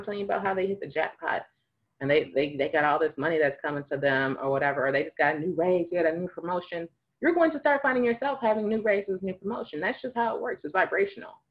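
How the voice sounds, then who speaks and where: A woman with a low voice talks through spiritual advice in a loose, conversational way. She laughs easily and acts out small dialogues to make her points. The recording sounds somewhat dull and lo-fi. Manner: chatty, laughs often, acts out little dialogues. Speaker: spiritual advisor. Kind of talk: casual spiritual advice monologue.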